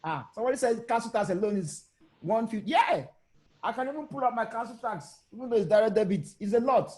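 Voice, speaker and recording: A man's voice: extremely high pitch, animated, quick pace, a little mellow. A man arguing his point on a video panel discussion, emphatic and direct, often repeating phrases and challenging listeners. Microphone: video call.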